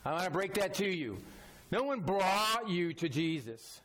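A man's voice: high voice, big pitch swings, unhurried, a bit bright. A man preaching a sermon as a pastor, talking directly and conversationally, repeating his key phrases.

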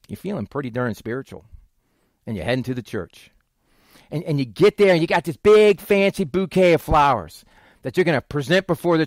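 A man preaching a sermon as a pastor, talking to the congregation in a conversational way, raising his voice for emphasis and dropping low for asides. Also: dry recording, clean studio sound.

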